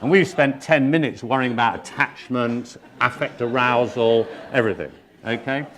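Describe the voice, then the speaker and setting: A man's voice: medium pitch, normal speed, slight background noise. A man, a psychotherapist, giving a conference lecture and acting out the voices of patients and colleagues. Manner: animated, acts out patients and colleagues in quoted voices.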